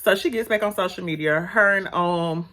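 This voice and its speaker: A woman reviewing a TV episode in a casual, animated, sassy way, talking straight to her viewers. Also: on the low side, normal speed. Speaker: YouTube reviewer.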